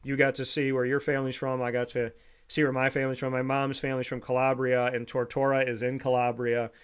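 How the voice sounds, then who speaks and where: A man's voice: mid-range voice, monotone, quick pace, clean tone. A man hosting an interview, telling a personal story in a casual, earnest and reflective way, often restarting his sentences. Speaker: podcast host.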